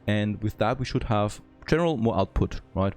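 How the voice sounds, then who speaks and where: A man who is not a native English speaker, thinking aloud and getting excited as he comments on a city-building game. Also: on the low side, normal speed, faint music behind. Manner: thinking aloud, easily excited, frequent "there you go". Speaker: gameplay commentator. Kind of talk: let's play commentary.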